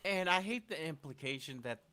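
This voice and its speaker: A man's voice: on the high side, expressive, a little fast, bright, forceful tone. A man co-hosting a podcast, chatting and laughing in crude banter. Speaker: podcast co-host. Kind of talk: comedic banter.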